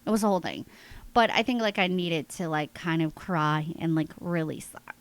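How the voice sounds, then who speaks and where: A woman in her thirties hosting a podcast, telling a story in a chatty, lively way with a congested nose and frequent laughs. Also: sits low, moderate pace, poor audio. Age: 30s. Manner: chatty, animated, laughs often, addresses listeners as guys. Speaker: podcast host. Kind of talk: casual storytelling monologue.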